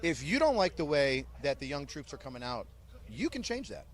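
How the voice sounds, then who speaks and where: Animated drill sergeant man telling stories. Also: fairly high pitch, normal speed. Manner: animated, barks quoted orders. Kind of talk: storytelling in an interview.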